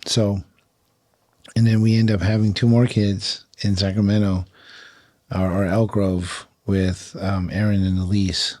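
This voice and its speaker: A man's voice: on the low side, level tone, measured pace, mellow, dry recording, clean studio sound. A middle-aged man from California, telling stories as a podcast guest in a chatty way, with lots of fillers and laughs. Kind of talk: casual storytelling.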